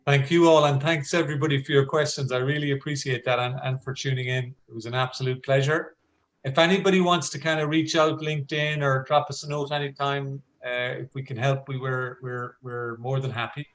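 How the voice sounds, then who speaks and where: A man who coaches storytelling, talking on a video call. He is an animated storyteller who acts out scenes and often restarts his sentences. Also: medium pitch, brisk, low-quality recording. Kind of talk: conversational talk on a video call.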